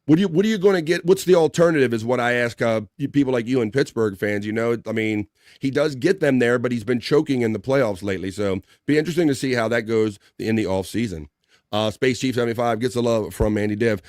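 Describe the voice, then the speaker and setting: A man hosts a casual live talk stream and reads viewer comments aloud. He talks in a loose, rambling way, full of "uh" and "like." His voice sits in a middle pitch and sounds close and dry. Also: fast, no room sound. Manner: relaxed, rambling, many fillers. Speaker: livestream talk show host.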